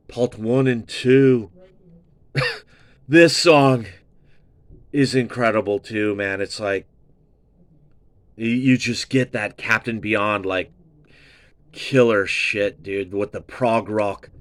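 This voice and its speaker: A man giving a casual album review in a slow, unhurried drawl, gushing with praise and dropping swear words. He circles back to the same words again and again. His voice is dry and close. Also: fairly low pitch, steady tone, dry recording. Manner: gushing, profane, repeats himself. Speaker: music reviewer, show host.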